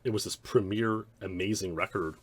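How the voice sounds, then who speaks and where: A man's voice: lowish voice, moderate pace, breathy edge. A man, a speedrunner, giving rambling, reflective commentary on his own old streams. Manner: rambling, many restarts and "like" fillers.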